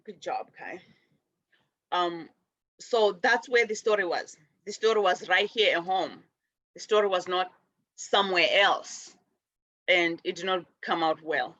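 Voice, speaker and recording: A middle-aged woman gives a gentle spiritual talk, wandering from thought to thought and circling back with fillers and restarts. The sound is dry and close, a little dull and lo-fi. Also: lowish voice, a little slow, long pauses, no room sound. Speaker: spiritual show host. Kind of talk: casual spiritual teaching.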